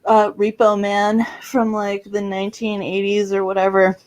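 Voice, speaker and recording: A woman's voice: medium pitch, monotone, moderate pace, a loud crowd. A woman co-hosting a podcast, talking loosely in a rambling casual chat. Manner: rambling, loose, many fillers.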